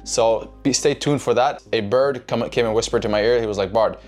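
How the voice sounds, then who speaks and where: Male trading coach, mid-pitch, casual and profane, talks straight to chat, faint music bed. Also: a little fast, a little mellow. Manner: profane, keeps asking "right?", addresses chat. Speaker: trading educator. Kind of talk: casual whiteboard trading lesson.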